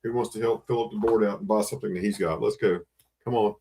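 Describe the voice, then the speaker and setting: A man's voice: on the low side, steady tone, quick pace, dark tone. A man hosting a live online auction, repeating bids and coaxing buyers with auctioneer patter. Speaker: livestream auction host.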